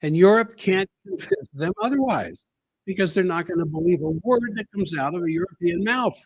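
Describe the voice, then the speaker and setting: A male political commentary host with a slightly high, husky voice runs a solo show in an emphatic manner, driving his points home by repeating key phrases. His intonation is lively and his pace moderate. The audio is dry and close-miked, with no room echo.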